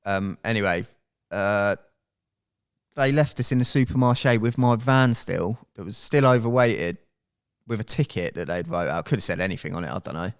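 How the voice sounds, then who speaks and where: A man, a podcast guest, telling a story in casual chat, animated and swearing freely as he goes. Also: lowish voice, moderate pace, clean tone.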